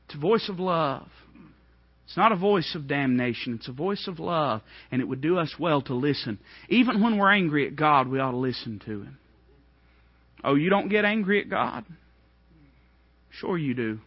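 A man preaching a sermon, swinging from hushed, low lines to ringing, high outbursts. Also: expressive, moderate pace, breathy edge, dry recording, muffled recording.

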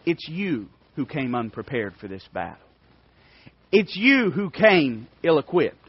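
A defiant young shepherd hero, spoken by a man. The voice sits a little high and swells into impassioned shouting. The recording is dry and muffled. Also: very animated, measured pace, slightly rough, dry recording, heavily acted. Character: young shepherd hero defying a giant, bold.

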